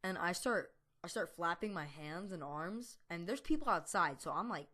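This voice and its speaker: A man's voice: high-pitched, lively intonation, moderate pace, pushed and bright. Rambling teenage boy telling a story. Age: teens. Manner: rambling, full of fillers and restarts; laughs now and then while telling. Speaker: gaming YouTuber. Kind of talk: storytelling over gameplay commentary.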